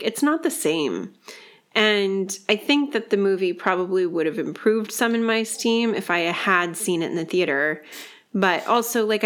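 A woman co-hosting a podcast, chatting casually and critically about a movie, peppering her talk with "like". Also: fairly low pitch. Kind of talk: casual movie discussion chat.

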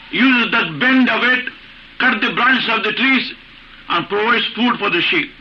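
Male preacher, high piercing voice, repetitive emphatic delivery, dull lo-fi tape with light hiss. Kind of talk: sermon. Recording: muffled old recording with faint hiss.

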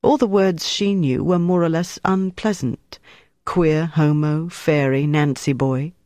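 Steady, dry audiobook narrator. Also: mid-range voice, measured pace, no room sound. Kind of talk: scripted narration.

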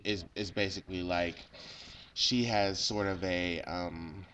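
A man's voice: deep voice, takes it slowly, a little hiss or hum. A man chatting casually, rambling with lots of repeated words and asides of "you know what I'm saying". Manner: excitable, stumbles and repeats words. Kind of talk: casual chat.

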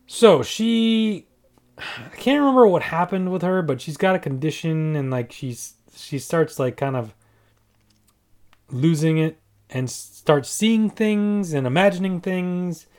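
A man's voice: a little high, measured pace, a little mellow. A man casually reviewing movies in a rambling, offhand way, full of fillers and restarts. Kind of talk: casual movie ranking talk.

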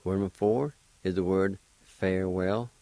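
Low-voiced male radio language teacher from Oklahoma, slow and patient, encouraging, dry close sound. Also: fairly even intonation, dry recording, poor audio. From Oklahoma, United States. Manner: patient, encouraging, gently joking. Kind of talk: slow spelling and pronunciation lesson.

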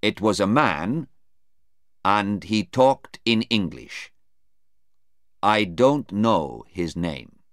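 A man's voice: lowish voice, expressive, extremely slow, long pauses, fairly bright tone, no room sound, clean studio sound, full character voice. A man reading aloud voices a hesitant male airport policeman answering in court. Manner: hesitant, deferential. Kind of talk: read-aloud storybook dialogue.

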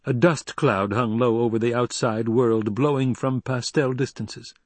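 A man narrating an audiobook in a steady, even storytelling manner. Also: medium pitch, unhurried, no room sound. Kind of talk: scripted narration.

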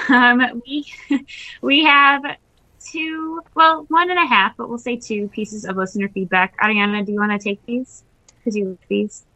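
A woman's voice: a little high, steady tone, a little slow, bright, forceful tone, no echo, low-quality recording. A woman co-hosting a podcast, chatting casually and wrapping up the episode in an upbeat way. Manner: upbeat, wraps up the show. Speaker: podcast co-host. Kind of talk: casual chat.

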